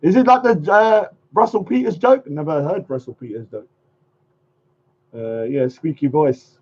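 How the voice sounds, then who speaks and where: A man with a fairly high voice chats casually to his livestream audience, rambling and circling back to the same phrases. The sound is muffled and lo-fi, like typical stream audio. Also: normal speed, a little mellow. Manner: rambling, repeats phrases, chuckles often. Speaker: livestream host.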